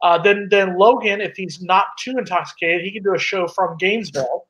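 A man with a high-pitched voice hosts a casual sports talk show. He is brash and teasing and keeps ordering his co-host around. He talks fast and pushes his points hard. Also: fairly bright tone, dull audio.

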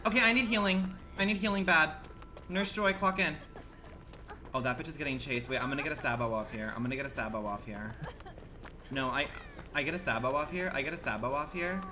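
A man streaming a game live, reacting in an animated, exclamatory way with slangy, profane banter. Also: mid-range voice, background noise. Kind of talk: live gaming commentary.

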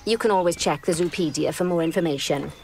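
A cheerful female zookeeper mentor from a video game, walking the player through tasks with brisk, upbeat instructions. Her voice sits on the low side, and she slips in dry little jokes. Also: vocal fry, a little mellow. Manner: upbeat, dryly joking instructions. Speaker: in-game tutorial guide. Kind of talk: scripted game dialogue.

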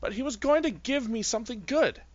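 A high, excitable young alien sister, put on by a man gushes and rambles at speed. The voice jumps far above his own, and the recording is dry and a little dull. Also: a little fast, no echo. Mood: excited.

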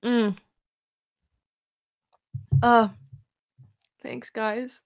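A woman's voice: on the high side, level tone, drawn-out words, creaky. A young woman on a casual stream, giggly and emotional, gushing thanks to viewers. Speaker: guest streamer.

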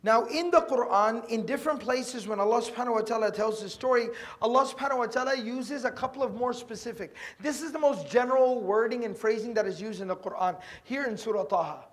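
High-voiced man teaching Quran commentary. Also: quick pace, few pauses. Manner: earnest, repeats key phrases for emphasis; mixes in Arabic terms and explains them. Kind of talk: religious lecture, verse-by-verse commentary.

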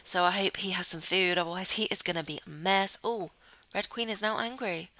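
A woman chatting excitably through Let's Play commentary, giggling often. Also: medium pitch, a little fast, dry recording, poor audio. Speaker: gamer host.

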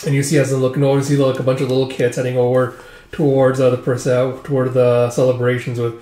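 A man's voice: medium pitch, little pitch movement, quick pace, mellow, echoey room. A man casually recapping a comic aloud, chatty and laughing often. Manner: chatty, laughing, repeats "it's like". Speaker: manga reader.

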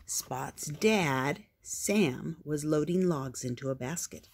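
Husky grandmother reading a storybook. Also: a bass voice, slow, few pauses. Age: older. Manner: gentle, expressive reading. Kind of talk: reading a children's picture book aloud.

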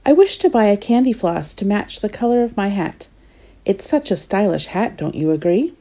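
A woman's voice: mid-range voice, expressive, moderate pace, mellow. A woman reading as a vain fashionable lady. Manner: haughty, self-admiring. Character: vain fashionable woman, proud of her looks.

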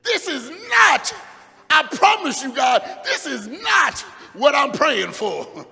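A man preaching and acting out Solomon as an anxious male king, pleading and shouting his protests. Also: very high voice, big pitch swings, takes it slowly, gravelly, long reverb tail, soft background music, a faint crowd, pitched above the performer's own voice, exaggerated voice.

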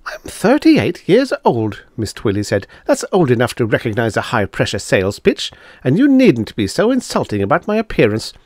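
A man's voice: medium pitch, wildly swooping pitch, normal speed, dry recording. A man doing a snappish, indignant spinster. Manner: sharp, snapping. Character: indignant thirty-eight-year-old spinster woman.

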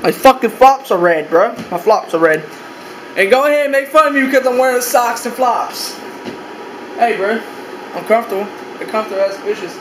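A young man with a high voice talks through a casual vlog from his bedroom, rambling, cursing constantly and repeating his lines. His voice bounces around an echoey room, with a faint hum of air conditioning underneath. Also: normal speed, fairly bright tone. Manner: profane, rambling, repeats himself. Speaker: vlogger.

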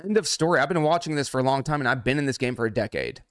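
A man's voice: mid-range voice, lively intonation, rapid-fire, a bit bright, clear, resonant tone, no echo, studio quality. Angry, foul-mouthed man ranting. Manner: angry, heavily profane. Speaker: trading mentor. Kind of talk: livestream rant.

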